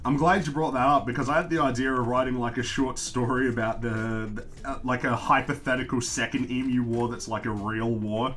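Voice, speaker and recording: A man's voice: medium pitch, steady tone, brisk, hardly any pauses, a bit bright. A man with an Australian accent chatting casually on a livestream while he draws and answers questions from chat. He rambles, pokes fun at himself and laughs often.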